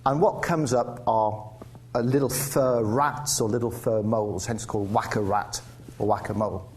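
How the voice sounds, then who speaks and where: A man's voice: on the low side, steady tone, normal speed, darkish tone. A man from England giving a conversational public lecture with wry asides and frequent restarts. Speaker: guest speaker. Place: lecture theatre. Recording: faint background noise in a lecture hall.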